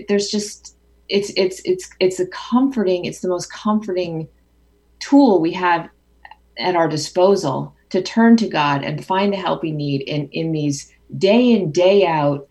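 A woman's voice: on the low side, a little mellow. A middle-aged woman guest speaking thoughtfully and earnestly, often restarting her sentences. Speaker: author and guest. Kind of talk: phone interview conversation.

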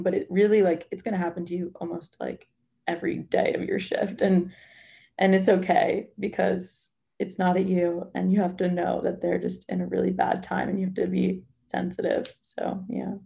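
An earnest young woman in her twenties tells a story from her nursing training, with a lot of "like" in her talk. Her low voice has a gravelly, mellow tone and stays on a flat pitch. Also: moderate pace. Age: 20s. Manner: earnest, heavy use of "like". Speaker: nursing student guest. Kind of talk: casual podcast chat.

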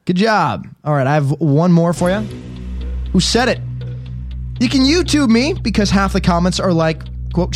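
A man hosting a casual live web show, chatting and reading quiz questions in an animated way. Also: high voice, moderate pace, soft background music. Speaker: host.

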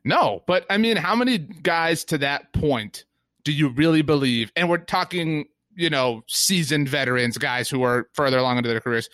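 A man's voice: a little high, normal speed, a bit bright, dry recording. A man co-hosting a casual sports podcast, rambling with many fillers. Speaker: podcast co-host.

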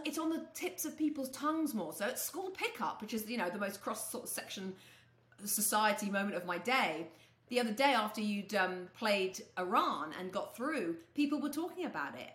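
A middle-aged woman with an English accent, chatting as a guest on a sports podcast, lively and laughing often. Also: on the high side. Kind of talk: casual podcast chat. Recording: roomy echo.

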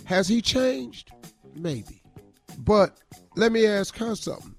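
A middle-aged man hosts a radio advice segment and speaks bluntly and colloquially. His voice sits high and swings widely in pitch. Faint music plays behind him. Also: very animated, slow pace. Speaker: radio host giving advice. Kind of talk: opinionated call-in advice banter.

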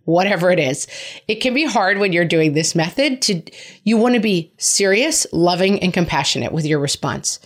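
A middle-aged woman with a lowish voice hosts a parenting advice podcast. She talks in a casual, wry, reassuring way and drops in quick joking asides. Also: animated.

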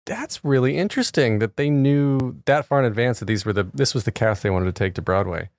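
A man hosting an interview, curious and enthusiastic, quick to laugh with his guest. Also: medium pitch, lively intonation, darkish tone, no room sound, studio quality. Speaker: podcast host. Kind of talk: casual interview chat.

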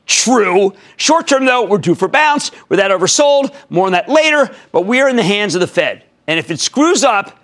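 A man in his sixties hosting a stock market show, delivering commentary and answering callers in an emphatic way, dropping from loud to hushed. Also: high-pitched, very animated. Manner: emphatic, rapid shifts between loud and hushed.

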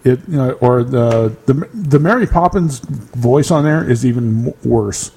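Teasing, husky-voiced man. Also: medium pitch, lively intonation, measured pace, dark tone, low-quality recording. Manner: laughs easily, teasing. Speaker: podcast co-host. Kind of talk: casual banter.

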